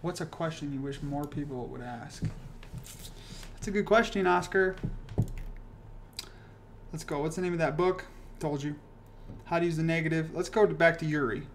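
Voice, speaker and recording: A man's voice: a little high, moderate pace, gravelly, long pauses, slight background noise. A young man hosting a casual livestream, rambling and swearing as he rants and reads comments. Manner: rambling, profane, animated ranting. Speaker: livestream host.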